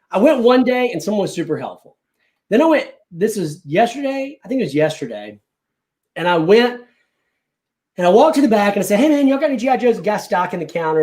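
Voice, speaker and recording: A man chatting as a guest, telling a story in an animated, excitable way. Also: sits high. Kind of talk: casual chat.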